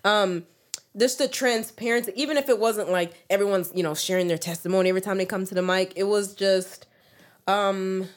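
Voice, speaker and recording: A woman chatting casually, earnest and quick to laugh. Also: medium pitch. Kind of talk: casual chat.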